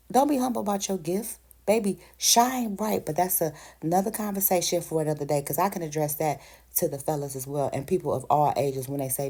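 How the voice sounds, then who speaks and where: A woman past thirty-five talks straight into her phone, emphatic and conversational. Her voice sits on the low side. She calls her listeners baby and sis. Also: a little mellow. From United States. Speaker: vlogger. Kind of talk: direct-to-camera rant.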